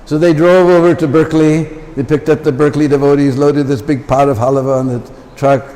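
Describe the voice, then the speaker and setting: Man telling stories at a temple talk, kinda high voice, echoing big hall, lots of little asides. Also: little pitch movement, brisk, warm tone. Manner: anecdotal, chatty asides. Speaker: visiting lecturer. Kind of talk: storytelling temple lecture. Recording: long temple hall reverb.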